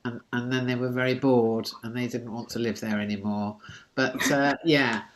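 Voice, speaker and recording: Low-voiced woman asking questions. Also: fairly even intonation, normal speed. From England. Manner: chatty, warm questions with hesitations. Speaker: interviewer. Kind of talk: casual interview.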